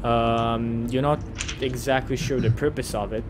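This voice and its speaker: A man's voice: mid-range voice, steady tone, a little slow, background noise. A man narrating a fantasy tabletop game as game master, describing rooms in an easygoing way. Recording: music playing behind.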